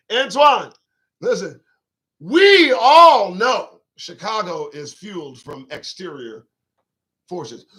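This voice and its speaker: Profane, rambling man with a bright voice. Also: fairly high pitch. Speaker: talk show host. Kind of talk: casual live-stream monologue to chat.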